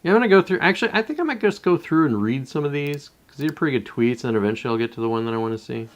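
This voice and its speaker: A male livestreamer with a medium-pitched, expressive voice talks very fast in a casual, rambling, profane way, repeatedly cutting himself off mid-sentence and starting again. The audio sounds dull.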